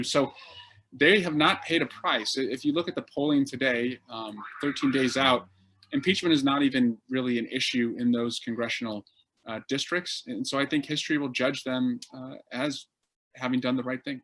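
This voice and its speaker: A man's voice: medium pitch, steady tone, normal speed, fairly bright tone, poor audio. Politician man on video call, loose talk, lots of uhs. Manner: conversational, many "uh" fillers. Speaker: congressman answering audience questions. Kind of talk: casual Q&A answers.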